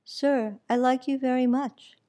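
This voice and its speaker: A woman's voice: high voice, fairly even intonation, measured pace, warm tone. A woman reading the part of a shy, humble young herd boy who speaks politely and hesitantly. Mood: earnest.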